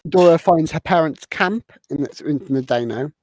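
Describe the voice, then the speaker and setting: A woman's voice: low voice, moderate pace, a little mellow, dry recording. A woman hosting a podcast, casually retelling a movie's plot with lots of fillers. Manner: rambling, filler-heavy retelling of scenes. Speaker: podcast host. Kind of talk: casual movie recap chat.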